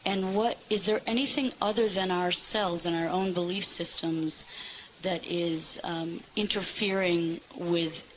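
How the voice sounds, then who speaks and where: A woman's voice: fairly low pitch, steady tone, unhurried, slight background noise, poor audio. A woman in the audience of a live session, asking her question hesitantly with many fillers and restarts.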